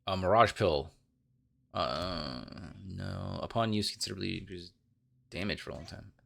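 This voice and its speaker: A man's voice: low voice, normal speed, vocal fry, a bit bright. A man hosting a let's play, talking casually and rambling as he thinks aloud, sounding tired. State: tired, yawning. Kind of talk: casual gameplay commentary.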